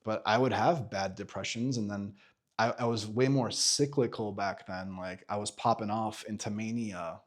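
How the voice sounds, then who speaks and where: A man in his thirties telling a personal story in a candid vlog, animated, swearing freely and full of fillers and restarts. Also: fairly low pitch, moderate pace. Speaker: vlogger.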